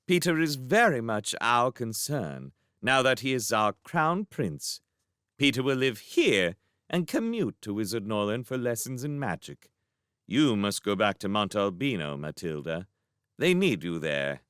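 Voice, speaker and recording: A man voicing Princess Hilda, a composed, gently firm royal woman in a storybook reading, speaking in a poised, measured way. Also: mid-range voice, very animated, clear, resonant tone, no room sound, studio quality. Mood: gracious.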